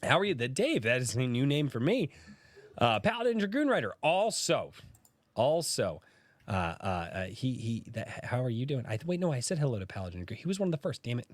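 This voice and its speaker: A man with a lively, swooping voice hosts a casual livestream while he is sick, his throat sore and a cough breaking in. He greets people by name with upbeat energy. The sound is dry and close. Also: mid-range voice, a little fast, dry recording. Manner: animated, greets chat by name, laughs through coughs. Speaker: podcast host.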